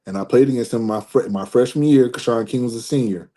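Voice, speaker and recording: A man in his forties, a former football player, telling a long story in a relaxed interview, restarting sentences often. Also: mid-range voice, quick pace. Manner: animated storyteller, acts out dialogue, restarts often.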